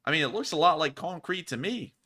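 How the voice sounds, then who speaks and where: A man's voice: fairly high pitch, animated, fast, sharp tone. A man hosting a casual live stream, joking around, laughing often and repeating his phrases as he reacts to viewer messages. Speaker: show host reading viewer messages.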